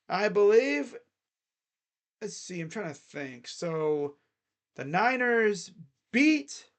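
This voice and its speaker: A man hosting a football picks video, talking casually and excitably and thinking out loud. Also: high voice. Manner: rambling, excitable, thinks aloud. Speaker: sports picks channel host.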